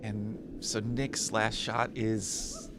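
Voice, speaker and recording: A man co-commentating a curling match, breaking down shots with dry, deadpan asides. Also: fairly low pitch, extremely slow, background noise. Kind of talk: live sports commentary.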